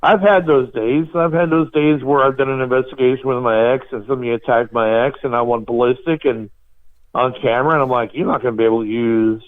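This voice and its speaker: A man hosting a podcast, telling animated stories and laughing at himself in casual chat. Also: medium pitch, quick pace. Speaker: podcast host. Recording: tinny phone-like line.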